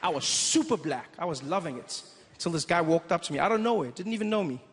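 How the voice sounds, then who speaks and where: A young South African man doing stand-up, telling stories in an animated way and slipping into voices. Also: on the high side, quick pace. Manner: animated storytelling, jumps into voices. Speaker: stand-up comedian. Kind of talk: stand-up comedy. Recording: reverberant hall with background noise.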